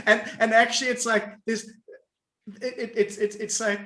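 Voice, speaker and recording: High-voiced man coaching in a roomy echo. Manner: lively, laughs often, acts out inner voices. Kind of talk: animated interview answers.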